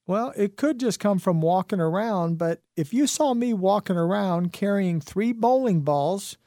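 A man's voice: sits high, animated, unhurried, mellow, dry recording, studio quality. A middle-aged man hosting a health and wellness radio talk show, folksy and preachy, full of rhetorical questions.

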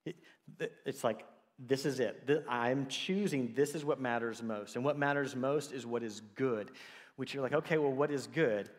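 A man preaching a sermon in a conversational, animated way, acting out the voices he quotes. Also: mid-range voice, normal speed. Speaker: pastor. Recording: long hall reverb.

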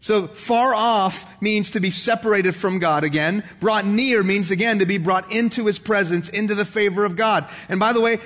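A man with a notably high voice preaches to his congregation, slipping into little acted voices as he tells an everyday story. His words ring out with a long reverb, as in a large church hall. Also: a bit bright. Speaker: pastor. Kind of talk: sermon.

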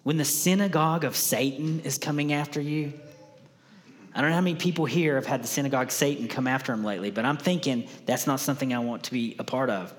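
A male preacher delivers a sermon in an easygoing, conversational way, repeating his main points so they sink in. His voice sits at an ordinary middle pitch. It carries a long reverb from a church sanctuary. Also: fast. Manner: conversational, repeats key lines for emphasis.

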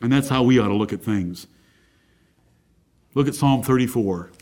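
A man's voice: medium pitch, moderate pace, darkish tone. A male pastor preaching a sermon, driving points home with rhetorical questions.

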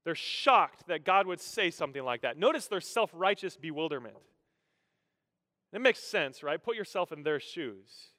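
A male pastor giving a sermon, telling humorous stories with vocal sound effects in an animated manner. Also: on the high side, moderate pace. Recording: echoey hall.

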